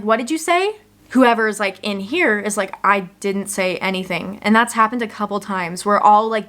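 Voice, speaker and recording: A young woman vlogging from her one-room home, telling spooky stories in a chatty, animated way with lots of "like.". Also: mid-range voice. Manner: chatty, animated, says "like" often. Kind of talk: casual storytelling to camera.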